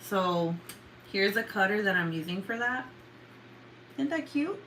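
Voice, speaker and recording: A woman's voice: mid-range voice, animated, measured pace, fairly bright tone, slight background noise, rough recording. Tired, chatty young woman vlogger. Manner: rambling, chatty, swears often, many fillers. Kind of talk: casual late-night craft livestream chat.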